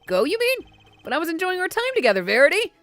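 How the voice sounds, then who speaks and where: A woman's voice: very high voice, big pitch swings, fast talker, a bit bright, no room sound, soft background music, voice pushed up, exaggerated voice. A woman voicing a clingy, lovesick young man who pleads and gushes. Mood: pleading. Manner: pleading, gushing.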